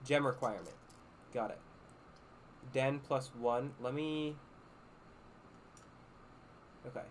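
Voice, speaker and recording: Man, game streamer, casual commentary, thinks out loud, middle pitch, faint background noise. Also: unhurried. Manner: thinks aloud, mutters to himself.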